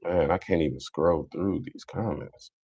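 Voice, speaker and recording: Slangy, combative low-voiced man. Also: a little slow, mellow, husky. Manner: slangy, combative, mutters to himself. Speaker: religious commentator reading comments. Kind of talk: casual live-stream comment reading.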